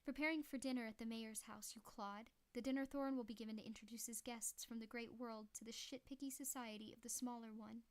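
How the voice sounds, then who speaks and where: A cunning old gunman with a mocking country drawl, as a woman reading a novel aloud puts him on. He needles his partner with lazy menace, and his voice sits fairly high. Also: fairly even intonation, fairly quick, hardly any pauses, close to an everyday voice. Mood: sly. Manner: sly, mocking hick drawl.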